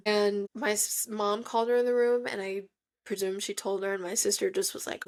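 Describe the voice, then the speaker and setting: A woman's voice: medium pitch, fairly even intonation, fairly quick. A young woman hosting a podcast, telling a personal story with emotion and frequent filler "like". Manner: emotional, heavy use of "like". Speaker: podcast host.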